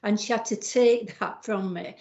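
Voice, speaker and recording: A woman's voice: medium pitch, fairly even intonation, normal speed, gravelly, a little mellow. Female council officer at a board meeting, casual and a bit rambling; dull lo-fi audio. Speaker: council officer presenting a policy. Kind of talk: meeting presentation. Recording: slightly muffled livestream audio.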